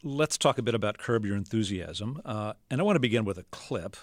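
A man hosting an interview, setting up clips in a measured, explanatory way. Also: lowish voice, animated, no room sound, studio quality. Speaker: host.

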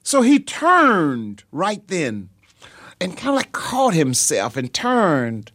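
Pastor guy telling a story on radio, slow, pitch all over, lots of ums. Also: no echo. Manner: animated, repetitive, drawn-out with many ums. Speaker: pastor and singer, interview guest.

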